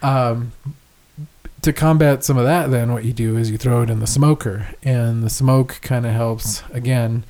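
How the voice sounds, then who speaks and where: A young man chats loosely on a podcast, rambling through a story with swearing and frequent laughter. His voice is mellow and relaxed, sitting in a middle pitch. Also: unhurried. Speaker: podcast co-host. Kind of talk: casual chat.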